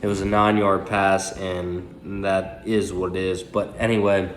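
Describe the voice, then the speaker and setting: A man's voice: low voice, little pitch movement, a little slow, echoey room, a little hiss or hum. A man in his late twenties giving a casual, profane recap of a fantasy football week, talking into a phone propped up indoors. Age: late 20s. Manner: profane, loose, trash-talking. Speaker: fantasy football league commentator.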